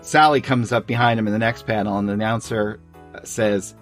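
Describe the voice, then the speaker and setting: A man's voice: fairly low pitch, a little fast, faint music behind. Chuckling man reading comics aloud. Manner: chuckles often, animated reading. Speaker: podcast co-host. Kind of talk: casual chat, reading comic strips aloud.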